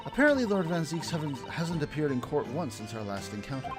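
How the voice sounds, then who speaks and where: Figure: a man playing a polite young woman assistant. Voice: raised high. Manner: prim and courteous. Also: very animated, fast talker, music in the background. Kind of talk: live voice-over of a game.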